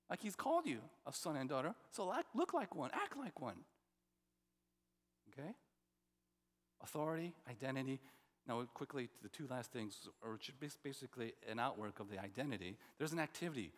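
High-voiced preacher in an echoing hall. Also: male voice, expressive, brisk. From New Jersey. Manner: conversational preaching, personal stories and rhetorical questions. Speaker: pastor. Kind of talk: sermon. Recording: long reverb of a large hall.

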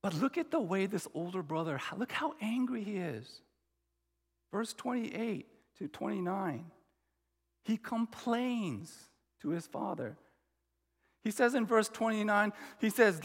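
A man's voice: high-pitched, expressive, measured pace, breathy edge, in a large hall. A man preaching a sermon, emphatic, acting out the quoted lines. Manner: emphatic, acts out the quoted brother. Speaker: pastor.

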